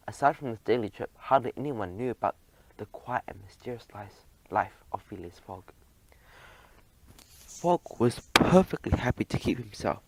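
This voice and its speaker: Guy reading a kids audiobook, gentle and even, mid-pitched voice. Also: rough recording. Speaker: audiobook narrator. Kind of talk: scripted storybook narration.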